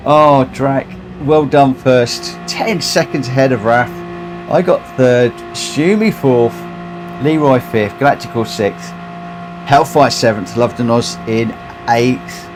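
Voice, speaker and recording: A man streaming a racing game to his viewers, breathless, excited and heartfelt as he reads out the results. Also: medium pitch, takes it slowly. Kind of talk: live game commentary. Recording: clear background noise.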